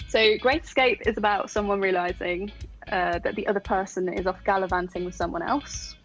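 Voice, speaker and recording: A woman's voice: medium pitch, steady tone, fairly quick, a bit bright, faint music behind, low-quality recording. A woman musician talking on the phone in a radio interview, chatty and self-deprecating, laughing often and using many fillers. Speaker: musician guest. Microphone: phone line.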